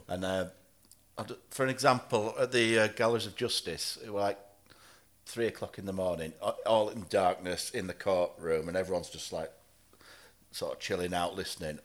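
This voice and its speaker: A man's voice: low-pitched, normal speed. A man, a guest in casual chat, dry and matter-of-fact. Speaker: guest musician.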